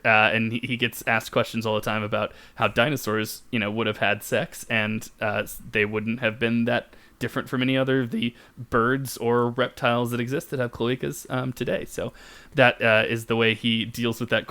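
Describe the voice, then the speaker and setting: A man's voice: mid-range voice, flat delivery, normal speed, sharp tone, smooth. A man co-hosting a comedy science podcast, explaining facts playfully and giggling at his own jokes. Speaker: podcast co-host.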